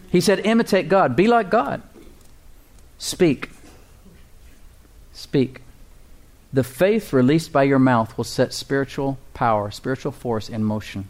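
Man, pastor, sermon, emphatic, rhetorical questions, mid-pitched voice. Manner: emphatic, rises high for quoted cries and drops low and soft for stillness; asks the congregation questions.

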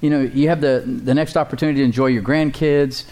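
A man's voice: medium pitch, fairly even intonation, fast talker, a little mellow. Man preaching with call-and-response. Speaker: pastor. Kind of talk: sermon.

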